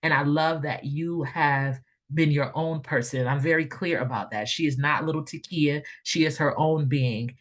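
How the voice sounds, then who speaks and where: A woman, a mother, hosting a panel over a video call and warmly thanking her panelists at its close. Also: low-pitched. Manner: effusive, emotional, thankful. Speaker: host.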